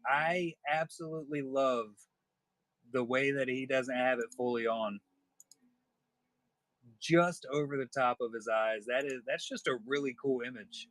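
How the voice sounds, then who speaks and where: A man's voice: medium pitch, measured pace, pauses often, a bit bright, dry recording. Male stream host, playful banter, dry close sound. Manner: joking, chatty with viewers. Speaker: livestream seller host. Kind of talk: casual live-stream chat.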